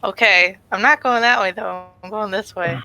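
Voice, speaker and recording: A woman playing in a tabletop game, eager and quick to giggle. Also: mid-range voice, gravelly, bright, forceful tone, no room sound, poor audio. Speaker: player. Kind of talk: casual tabletop play.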